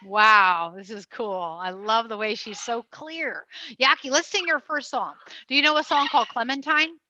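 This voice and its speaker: A woman's voice: on the high side, normal speed, sharp tone, no room sound, dull audio. A woman presenting a live family show with trained parrots, coaxing and cheering the birds along.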